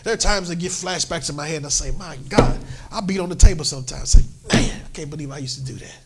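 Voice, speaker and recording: A middle-aged pastor with a New York accent, preaching a sermon in a church with emphatic, repeated lines. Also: male voice, a little high, fast, a little hiss or hum. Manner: preaching with rising, emphatic repetition. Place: church sanctuary.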